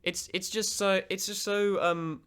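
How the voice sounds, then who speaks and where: A man's voice: high-pitched, fairly even intonation, measured pace, fairly bright tone, clear, resonant tone. A man hosting a reaction video, giving casual commentary that rambles, stammers and restarts.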